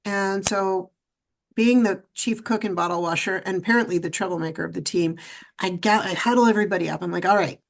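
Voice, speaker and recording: A middle-aged woman, a podcast guest, telling her story in an animated, emphatic way. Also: medium pitch, fairly quick, creaky. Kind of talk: storytelling interview.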